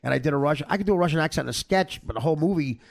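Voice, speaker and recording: A middle-aged man hosting a comedic podcast, rambling and laughing between stories and quick impressions. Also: fairly high pitch, vocal fry.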